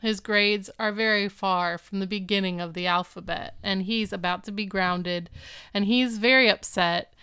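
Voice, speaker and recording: A woman's voice: mid-range voice, fairly even intonation, normal speed, pushed and bright, smooth, no echo, studio quality. A woman co-hosting a podcast, chatting casually and animatedly as she recaps a TV episode and acts out the characters' lines. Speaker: podcast co-host.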